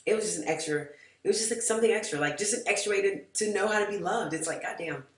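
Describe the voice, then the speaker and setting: A woman's voice: mid-range voice, fast. Frank rambling woman in a roomy room. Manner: rambling, frank, peppered with swearing and "like". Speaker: vlogger. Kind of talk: storytime vlog. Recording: roomy echo, mic far off.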